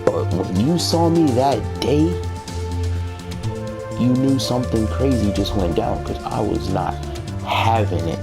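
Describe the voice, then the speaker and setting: A man telling a dramatic, joking story as a storytime vlogger. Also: fairly low pitch. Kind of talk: animated storytime narration.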